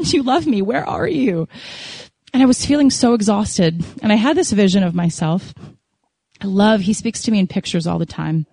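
A woman sharing an emotional faith testimony to a congregation, telling it as a lively story and acting out her prayers. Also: medium pitch, no echo. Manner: animated, emotional storytelling with laughs and acted prayers. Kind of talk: sermon testimony.

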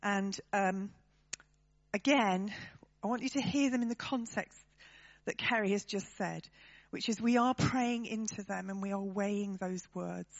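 A woman's voice: medium pitch, a little slow, creaky, dull audio. A woman preaching a sermon to her church, talking conversationally and turning to the congregation with tag questions.

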